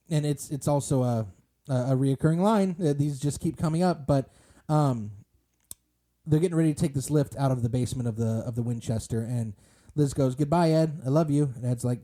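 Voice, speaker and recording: A man's voice: medium pitch, warm tone. A man co-hosting a podcast, chatting casually about a movie, rambling with lots of fillers and restarts. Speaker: podcast co-host.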